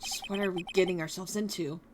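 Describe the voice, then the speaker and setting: A woman doing a low, dry young lawyer. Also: fairly even intonation, fast, noisy background, close to an everyday voice. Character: calm young male defense attorney.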